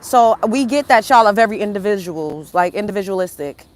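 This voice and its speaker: A woman's voice: medium pitch, expressive, brisk. A young woman with an African American Vernacular English accent, hosting a livestream and ranting emphatically, firing off repeated rhetorical questions in a confrontational way. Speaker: livestream host. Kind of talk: opinionated livestream rant.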